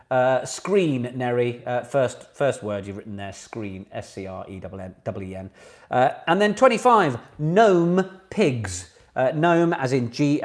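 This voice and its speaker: A man hosting a casual online pub quiz from home, chatty and self-mocking, with jokey asides between questions. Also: mid-range voice.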